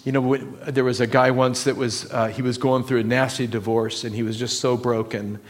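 A man preaching a sermon to his church, slow and emphatic, building on repeated phrases. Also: medium pitch, level tone. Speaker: pastor.

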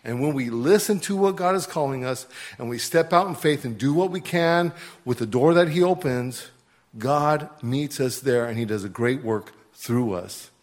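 A middle-aged man giving a heartfelt testimony in church as a missionary, halting and restarting as he speaks. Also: medium pitch.

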